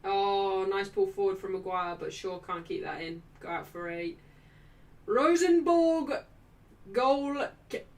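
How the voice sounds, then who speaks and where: A young woman hosting a live football watchalong, excitably reacting to play and reading out viewers' chat messages. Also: fairly low pitch, moderate pace, distant mic.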